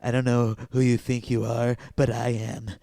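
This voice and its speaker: A man doing an impression of a pompous, self-important wrestling champion, slow and haughty. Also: medium pitch, flat delivery, creaky, mellow, dry recording, clean studio sound, close to an everyday voice.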